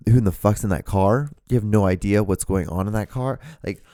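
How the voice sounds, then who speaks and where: A man with a lowish voice hosts his own podcast from his room, talking to a camera. He rambles through stories in a loose, casual way, swearing freely and leaning on "like" and "you know." The recording is dry and close, with no room echo. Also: brisk, mellow. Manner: rambling, profane, lots of fillers. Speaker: podcast host.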